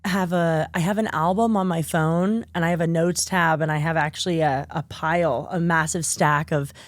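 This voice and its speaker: A young adult actress appearing as a podcast guest tells stories in a casual chat, animatedly acting out the people she quotes. Her voice sits low and moves at a moderate pace, captured in clean studio sound with no echo.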